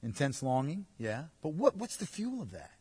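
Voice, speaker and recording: A man with a husky, slightly high voice preaches a sermon, swinging between loud urging and hushed asides. His voice rings with a long reverb, as in a large hall. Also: wildly swooping pitch, normal speed.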